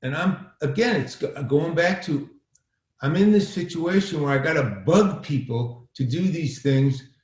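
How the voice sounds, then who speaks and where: A man's voice: on the high side, measured pace, a little mellow. Rambling storyteller man in a roomy space. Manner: rambling, profane, acts out quoted exchanges. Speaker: podcast guest, filmmaker. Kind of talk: casual storytelling. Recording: roomy echo.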